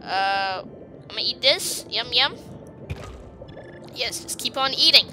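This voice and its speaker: A woman giving casual, excitable commentary on her gameplay, taunting creatures on screen and giggling often. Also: on the high side, takes it slowly, slight background noise. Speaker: gaming video host.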